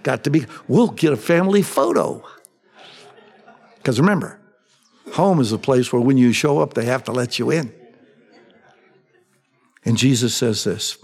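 A man preaching a sermon, asking his congregation questions and answering them himself, swinging between raised emphatic lines and soft low asides. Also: lively intonation, measured pace, long pauses, husky. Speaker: pastor. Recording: long reverb of a large hall.

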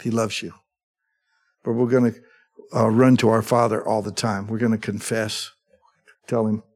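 A man's voice: medium pitch, a little mellow, slightly rough. A middle-aged male pastor preaching a sermon, who talks conversationally and keeps asking the congregation whether they agree.

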